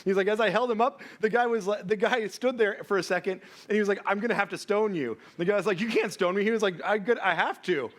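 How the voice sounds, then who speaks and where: A man's voice: high voice, fairly even intonation, fast, few pauses. A man preaching a sermon as pastor, telling a story with humor and acting out the people in it. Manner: storytelling with humor, acts out quoted voices.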